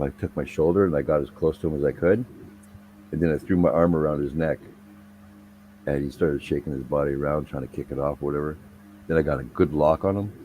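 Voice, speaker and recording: Young guy, booming low voice, swearing storyteller, laid-back chat. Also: dark tone, a little hiss or hum, rough recording. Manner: profane, rambling anecdotal delivery.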